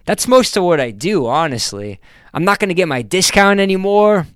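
A man voicing a shy, sad young woman who self-publishes her books. Her talk is soft, plaintive and rambling in a smooth, dry read-aloud voice. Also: mid-range voice, lively intonation, normal speed, dry recording, voice pushed up, lightly acted.

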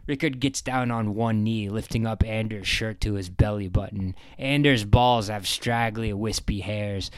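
A man reading an audiobook narration in a steady, matter-of-fact way. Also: fairly low pitch, measured pace, few pauses, no room sound.

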